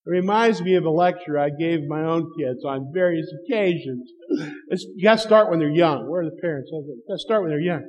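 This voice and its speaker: A pastor in middle age, his voice a little high, preaches at a moderate pace. His sermon is built on stories with acted-out dialogue and chuckles, echoing with long hall reverb.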